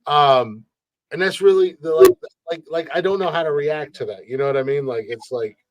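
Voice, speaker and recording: A man's voice: on the high side, normal speed. A man hosting a podcast, telling stories in a loose, profane, rambling way and repeating words as he goes. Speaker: podcast host. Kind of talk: casual storytelling chat. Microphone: streamed podcast mic.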